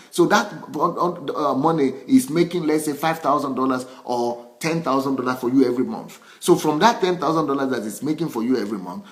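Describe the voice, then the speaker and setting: A male pastor, a native Yoruba speaker, preaching in an animated, emphatic way, often restarting and repeating phrases. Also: medium pitch. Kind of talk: sermon.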